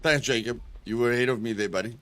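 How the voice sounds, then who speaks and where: A man streaming a video game live, talking to his chat with sudden excited exclamations. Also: mid-range voice, fast talker, clear, resonant tone. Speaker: gaming streamer. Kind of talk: live gameplay commentary.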